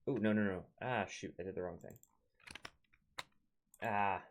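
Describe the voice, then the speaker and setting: Young Minnesotan male gamer, low and gravelly, laid-back running commentary. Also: slow pace, a little hiss or hum. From Minnesota, United States. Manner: chatty, talks to his units, chuckles often. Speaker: let's play host. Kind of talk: casual gameplay commentary.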